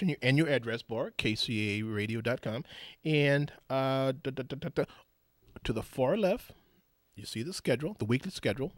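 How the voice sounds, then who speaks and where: Guy hosting radio from a studio, loud hype then easygoing rambling, dry close sound. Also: dry recording. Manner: booming, hyped announcer delivery in the opening, then loose and rambling with fillers. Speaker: radio show host. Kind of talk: casual radio talk show hosting.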